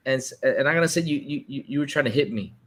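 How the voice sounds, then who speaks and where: A man telling a story in casual chat, animated, acting out the people in it. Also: medium pitch, quick pace. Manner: animated storyteller, acts out voices.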